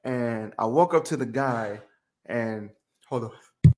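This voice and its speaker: A man's voice: medium pitch, slow, darkish tone. A man co-hosting a podcast, telling stories in a laid-back, slangy way. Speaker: podcast co-host. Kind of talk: casual chat, storytelling. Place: home studio on camera.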